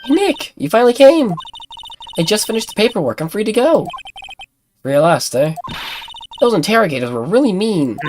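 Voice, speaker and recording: A stuffy-nosed woman with a Southern accent voicing an excitable young female spirit medium in a raised, perky voice. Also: mid-range voice, normal speed, pauses often, a little hiss or hum, voice pushed up, close to an everyday voice. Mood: excited. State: stuffy nose.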